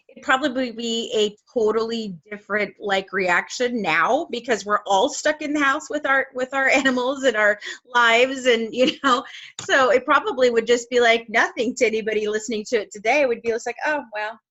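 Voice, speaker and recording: A woman's voice: on the high side, expressive, moderate pace, sharp tone, no room sound. Woman podcast host, chatty, filler words, slightly lo-fi sound. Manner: chatty, uses fillers, laughs easily. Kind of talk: casual interview chat.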